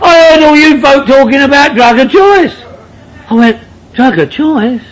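A man's voice: very high voice, normal speed, rough recording. A man from northwest London with a London accent, speaking at a recovery meeting and firing off joking, repetitive rhetorical questions.

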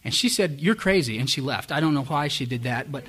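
A man shares his own story with a group in a candid, self-deprecating way. Wry chuckles slip into his talk. His pitch sits in the middle range for a man. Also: a little fast, fairly bright tone, breathy edge. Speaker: speaker sharing his story at a recovery meeting. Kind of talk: personal testimony.

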